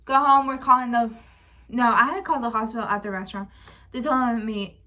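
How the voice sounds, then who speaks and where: A woman's voice: fairly high pitch, brisk, bright, forceful tone. Young woman telling a painful family story. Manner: emotional, frank, retells arguments with "I'm like" quotes and occasional swearing. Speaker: vlogger. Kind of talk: candid personal storytelling to camera.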